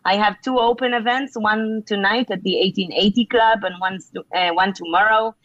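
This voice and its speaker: A middle-aged woman author answering interview questions with earnest, conversational advice, filling pauses with "you know". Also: mid-range voice, steady tone, fairly bright tone, no echo. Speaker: author and leadership speaker. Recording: dull lo-fi sound.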